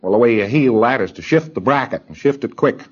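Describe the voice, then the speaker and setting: A man's voice: medium pitch, expressive, a little fast, husky, muffled recording. A man lecturing trainees in an emphatic way, repeating his points and mimicking hesitant people as he talks.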